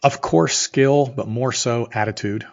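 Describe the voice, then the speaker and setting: A middle-aged man, an entrepreneur guest on a podcast, telling a story with energy and acting out both sides of the dialogue, sometimes rising to near shouts. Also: medium pitch, a little slow, gravelly. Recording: muffled, slightly lo-fi audio.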